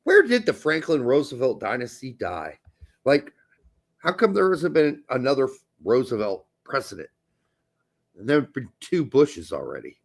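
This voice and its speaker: A man's voice: medium pitch, wildly swooping pitch, normal speed, gravelly. A man co-hosting a casual soccer podcast, blunt and crude, talking emphatically. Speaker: podcast co-host.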